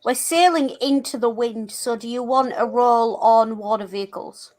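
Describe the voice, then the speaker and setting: A woman's voice: fairly high pitch, normal speed, darkish tone. A woman playing a tabletop game, casual and upbeat. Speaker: player.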